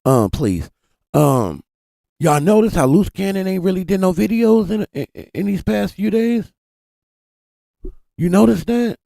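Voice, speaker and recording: Gravelly, dark-voiced man ranting to his chat. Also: sits high, a little slow, pauses often, dry recording, clean studio sound. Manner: animated, swears freely, addresses chat directly. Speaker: live stream host. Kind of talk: casual live-stream commentary. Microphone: desk mic.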